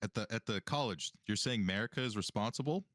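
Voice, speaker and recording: Deep-voiced male tabletop player. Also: fast talker, a bit bright, no room sound, clean studio sound. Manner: casual, hesitant. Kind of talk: playing a tabletop game.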